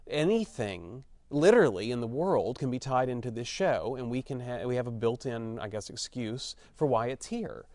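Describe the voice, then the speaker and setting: A man with a slight Texan accent chats through interview answers, frank and forthcoming. He thinks aloud, circles back on his words and fills gaps with ums. The sound is dry and close, and his pitch sits in a middle register. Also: animated, normal speed, hardly any pauses, a little mellow, no room sound. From Texas. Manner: frank, chatty, thinks aloud with fillers and restarts. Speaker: actor being interviewed.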